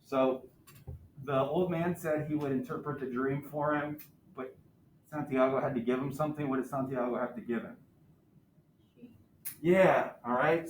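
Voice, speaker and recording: A man's voice: fairly high pitch, steady tone, normal speed, slight background noise, low-quality recording. A male teacher in a classroom, casually retelling a story and asking his students questions as he goes. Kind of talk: classroom lesson retelling a novel.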